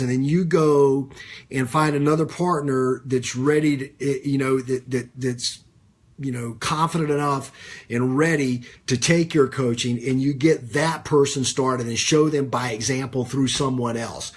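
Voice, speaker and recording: Speaking at medium pitch in a steady tone, a man gives a conversational business coaching talk over a live stream. He uses many fillers and repeated phrases and breaks off to greet viewers by name.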